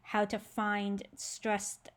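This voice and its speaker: A woman's voice: mid-range voice, monotone, drawn-out words. A woman teacher giving a casual, conversational explanation to her students.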